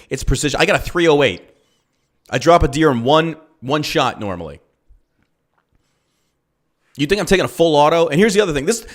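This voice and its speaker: A male podcast host and business owner ranting about politics, swearing freely and firing off rhetorical questions. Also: fairly high pitch. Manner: profane, heated, rhetorical questions. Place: lives in Texas.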